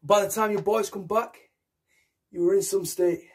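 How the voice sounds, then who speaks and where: A man's voice: sits high, fairly even intonation, moderate pace, slightly rough. A young man performing a solo theatre monologue, raw and intense, switching between voices. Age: young adult. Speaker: actor.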